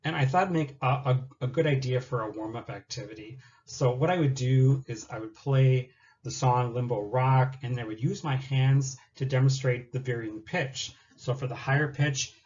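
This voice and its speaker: A man of medium pitch walks through a classroom activity in a recorded presentation. He sounds partly scripted, with the odd filler. The recording is a little dull and lo-fi. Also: a little mellow. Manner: explanatory, partly read, with occasional fillers.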